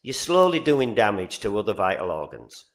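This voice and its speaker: A man from England with a Northern English accent, a guest talking earnestly in a casual interview, getting animated as he tells stories. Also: on the low side, normal speed. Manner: earnest, animated when telling stories, frequent restarts. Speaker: podcast guest.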